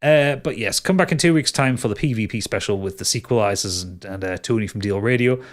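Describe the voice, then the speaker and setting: A man's voice: on the low side, a little fast. A man as game master, wrapping up a tabletop podcast episode in rambling, upbeat casual chat. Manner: rambling, lots of restarts and laughs, upbeat.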